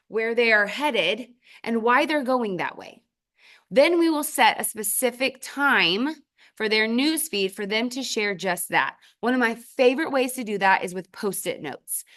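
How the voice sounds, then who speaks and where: A woman and mother speaking as a guest trainer, giving a motivational sales talk in short, emphatic commands with sudden jumps in pitch for stress. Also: a bit bright. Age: adult with children. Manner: addresses the audience directly in short commands.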